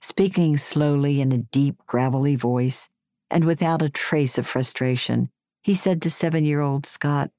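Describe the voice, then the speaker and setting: A woman reading her personal memoir aloud in a wry, gently humorous way. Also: deep voice, measured pace, no room sound, studio quality. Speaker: memoir narrator.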